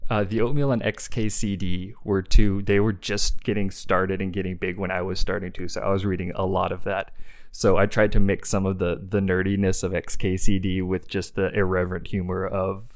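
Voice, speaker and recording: A man's voice: low-pitched, flat delivery, normal speed. A man guesting on a tech podcast, chatting casually and enthusiastically about his webcomic site, with fillers. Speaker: guest, webcomic creator and developer. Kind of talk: casual interview conversation.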